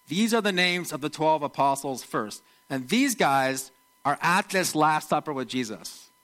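Bright-voiced conversational male preacher. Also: on the high side, rough recording. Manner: conversational, animated, acts out quotes. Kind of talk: sermon.

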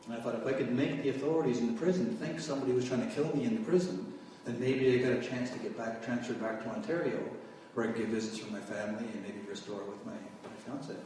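Male preacher telling his story from the pulpit, mid-pitched, caught by a distant mic in a very echoey hall. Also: fast, few pauses, darkish tone, a little hiss or hum. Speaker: preacher giving testimony. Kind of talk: testimony sermon.

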